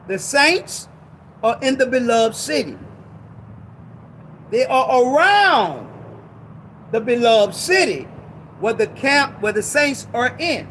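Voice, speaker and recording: Male preacher, very high and animated voice, exhorting, slow scripture reading. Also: slight background noise, low-quality recording. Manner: exhorting, reads scripture slowly and repeats lines. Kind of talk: sermon teaching.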